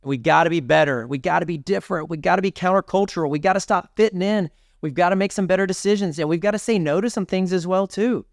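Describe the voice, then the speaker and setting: A man's voice: sits high, fast, gravelly, few pauses, dry recording, clean studio sound. Fired-up man in his forties. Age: 40s. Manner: emphatic, preachy, casual "dude" and "brother". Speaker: podcast guest, author and speaker. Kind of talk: energetic storytelling in an interview.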